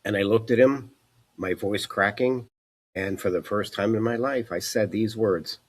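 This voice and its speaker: A man in his forties recounts his life in an earnest, reflective tone, often pausing on "you know". His voice sits very low and has a husky, slightly rough edge. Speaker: fitness coach telling his story. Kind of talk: personal testimony.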